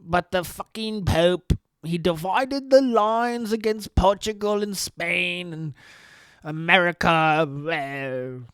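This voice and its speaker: A man putting on a smug British politician with a strained mock Cockney accent, slow and mocking. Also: high-pitched, animated, a bit bright, clear, resonant tone, no room sound, exaggerated voice. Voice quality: strained put-on voice.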